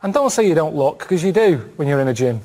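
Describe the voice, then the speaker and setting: A man with a Northern English accent, chatting on a comedy podcast in a deadpan, rambling way. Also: fairly high pitch, fast. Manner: deadpan, rambling, plain-spoken. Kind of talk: casual comic chat.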